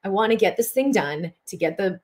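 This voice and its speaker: A middle-aged woman, medium in pitch and talking a little fast, leads a live broadcast with a spiritual coaching talk. Animated and breathy, she exclaims often.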